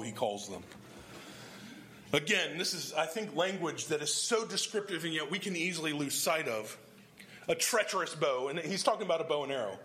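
A man's voice: fairly high pitch, sharp tone, a little hiss or hum. A man preaching a sermon, explaining scripture verse by verse and putting questions to his congregation. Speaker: pastor.

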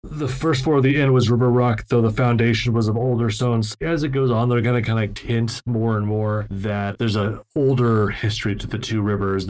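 A man's voice: on the low side, darkish tone. A man co-hosting a fantasy book club podcast, musing casually and curiously about the story and its history.

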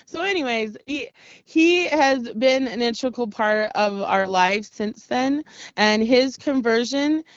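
A woman in her thirties, from the Navajo Nation, telling personal stories in an interview with an earnest, halting manner. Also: fairly high pitch, no room sound, muffled recording. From Navajo Nation, US Southwest. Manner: earnest, halting, with frequent restarts and laughs. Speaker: interview guest. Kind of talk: reflective personal storytelling.

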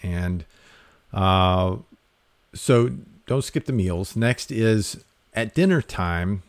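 Man, deep low voice, relaxed explainer, casual with ums and restarts, dry close sound. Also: drawn-out words, dry recording. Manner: relaxed, conversational, with fillers and restarts. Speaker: host giving health advice.

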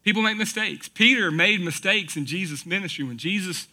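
A man's voice: high voice, a little fast, sharp tone. A man preaching a sermon in a conversational, folksy way, asking the congregation rhetorical questions. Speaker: pastor.

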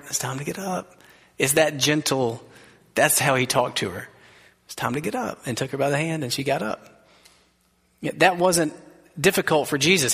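Male pastor, mid-pitched, earnest conversational preaching, church hall echo. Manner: earnest, conversational preaching with soft quoted asides. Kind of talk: sermon. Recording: long reverb of a large hall.

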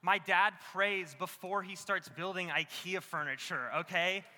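Bright high-voiced young preacher in a big hall. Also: male voice, measured pace. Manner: animated, self-mocking, many "like" fillers. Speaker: pastor. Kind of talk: sermon with comic storytelling. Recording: long hall reverb.

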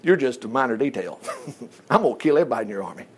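A man preaching a sermon, retelling a story with animated asides and frequent chuckles. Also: mid-range voice, very fast, husky. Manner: animated storytelling, acts out quotes, chuckles often.

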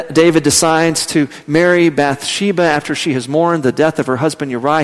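A man preaching a sermon, telling stories and dropping his voice low and slow for emphasis. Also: big-room sound. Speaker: pastor.

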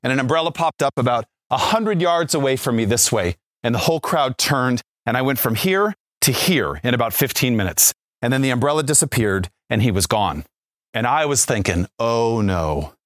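A man in his forties, a Catholic speaker and former youth minister, telling a story with lively acted-out quotes and frequent asides of "right?". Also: medium pitch, brisk, dry recording, studio quality. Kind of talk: storytelling faith talk.

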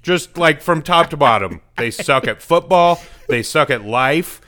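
A man's voice: fairly high pitch, expressive, a little slow, sharp tone. A man co-hosting a sports podcast, talking news in a laid-back, blunt way. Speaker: podcast co-host. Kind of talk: casual sports chat.

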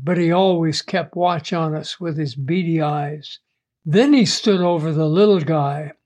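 Brief: male audiobook narrator, high voice, very unhurried. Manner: slow, measured first-person storytelling. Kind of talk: audiobook story reading.

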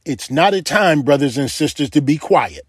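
Male preacher, somewhat high voice, dry close sound, emphatic repetitive sermon cadence. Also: animated, normal speed, slightly rough, no room sound.

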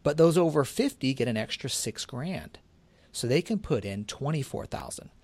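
Steady, explaining radio co-host. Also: male voice, medium pitch, moderate pace, husky, no room sound. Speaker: co-host of a tax and legal radio show. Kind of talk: casual radio talk.

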